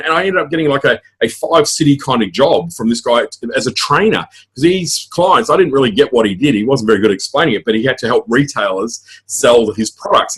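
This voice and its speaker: A middle-aged Australian man talks at a rapid clip, his voice a little husky and rough. He rambles through his stories with plenty of fillers and restarts, a guest in a relaxed interview chat. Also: mid-range voice. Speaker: author and guest.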